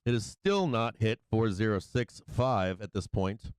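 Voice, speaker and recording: A man hosting a live stock market stream, calling prices in an excitable, hyped way and chuckling often. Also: lowish voice, unhurried, clear, resonant tone, no room sound, low-quality recording. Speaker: stock market livestream host. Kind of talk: live trading commentary.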